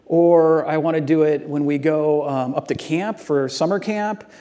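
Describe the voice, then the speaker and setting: Unsure twelve-year-old girl, as a man quotes her, tentative, trailing off, mellow voice. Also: on the high side, measured pace, big-room sound, lightly acted. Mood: hesitant.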